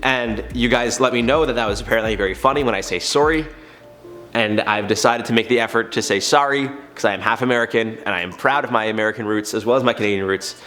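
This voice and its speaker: A man's voice: on the low side, fast, fairly bright tone, faint music behind. A man hosting a casual online news commentary show, chatty and opinionated as he talks through the story. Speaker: YouTube news commentary host.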